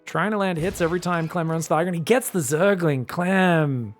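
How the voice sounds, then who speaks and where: A man giving live commentary on a strategy game match, chatty and excitable, breaking into loud shouts at big plays. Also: fairly high pitch, normal speed, faint music behind. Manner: chatty, addresses viewers directly. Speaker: esports caster.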